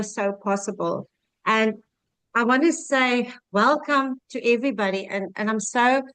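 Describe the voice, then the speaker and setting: A woman's voice: fairly high pitch, a bit bright, clear, resonant tone, dry recording, low-quality recording. A South African woman in her fifties tells her own story as a webinar guest. She speaks earnestly over a video call, often restarting her sentences. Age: 50s. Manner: earnest, heartfelt, rambling with restarts. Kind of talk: personal testimony on a webinar.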